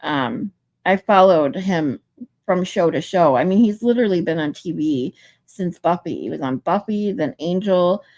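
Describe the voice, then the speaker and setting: A woman's voice: lowish voice, animated, moderate pace, a little mellow, dry recording, highs cut off. A sleep-deprived woman hosting a livestream, chatting loosely and reading viewer comments aloud. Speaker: livestream host. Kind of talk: casual chat with live viewers.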